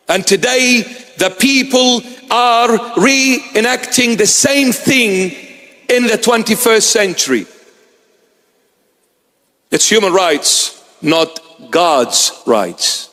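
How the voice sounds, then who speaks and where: High-voiced man preaching slowly in a reverberant hall. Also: lively intonation, fairly bright tone. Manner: slow, emphatic preaching with dramatic repetition. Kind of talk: sermon. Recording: long reverb of a large hall.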